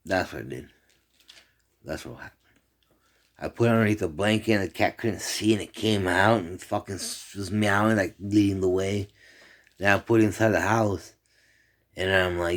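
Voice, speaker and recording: A man casually retelling a strange dream in an animated, rambling, profane way. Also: low voice, unhurried, pauses often. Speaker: storyteller.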